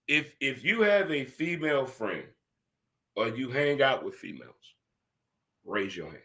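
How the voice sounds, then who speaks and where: Lively, animated male talk-show host. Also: mid-range voice, a little slow. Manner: animated, repetitive, talks to the audience. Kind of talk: casual solo sports talk stream.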